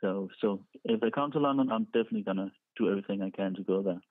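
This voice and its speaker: A man from Denmark calling in to a podcast, speaking in a halting, hesitant way. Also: lowish voice, no room sound. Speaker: caller. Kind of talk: phone call-in chat. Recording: phone line.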